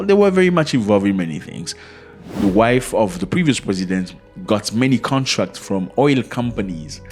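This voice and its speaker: Low-voiced man chatting to his viewers. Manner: conversational, asks the viewer rhetorical questions; addresses viewers as fellas. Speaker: commentary channel host. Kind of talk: casual commentary to camera.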